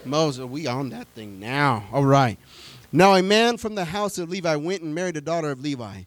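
Male preacher, high voice, animated storytelling sermon, acts out characters. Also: normal speed, no room sound.

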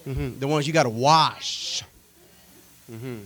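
A male preacher delivering a sermon in a folksy, conversational way, animated and full of repetition and rhetorical questions to the congregation. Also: mid-range voice, slow pace, low-quality recording.

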